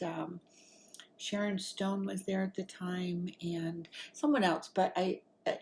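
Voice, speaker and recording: A woman's voice: fairly low pitch, a little hiss or hum. A woman vlogger telling a rambling, chatty story to camera. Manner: rambling and chatty, lively when excited.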